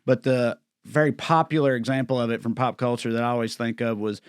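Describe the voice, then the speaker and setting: A Southern man co-hosts a comedy podcast in an easy, drawling way, tossing in casual swearing. He sits close to a studio mic with no room sound around him, at an ordinary middle pitch. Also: steady tone, fairly quick, clean tone, dry recording. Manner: laid-back, drawling asides, swears freely. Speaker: podcast co-host.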